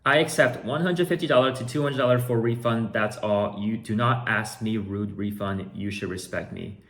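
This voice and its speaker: A man's voice: on the low side, moderate pace, fairly bright tone. A man voicing a pushy, indignant male scammer customer who makes demands in broken phrasing. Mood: demanding.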